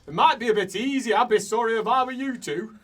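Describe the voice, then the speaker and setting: A man voicing a gruff, drunken male dwarf slayer who mocks and bellows. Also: very high voice, quick pace, distant mic, voice pushed up. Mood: mocking. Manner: loud, rowdy, mocking, shouting.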